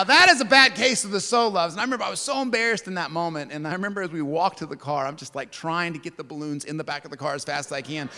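A man preaching a sermon in a large church hall, telling stories with big swings in loudness and pitch. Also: fast talker, few pauses. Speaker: pastor. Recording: long hall reverb.

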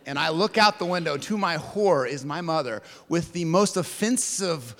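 A man preaching a sermon in a large church hall, telling stories with big swings in loudness and pitch. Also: expressive, normal speed, few pauses. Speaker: pastor. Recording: long hall reverb.

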